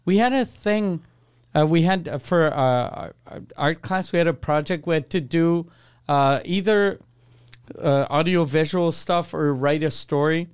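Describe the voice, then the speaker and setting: A man with a smooth, clear, slightly high voice tells jokey stories at an easy pace. He sounds loose and animated, like a podcast co-host chatting with friends. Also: a little slow. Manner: joking, animated storyteller. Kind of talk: casual storytelling chat.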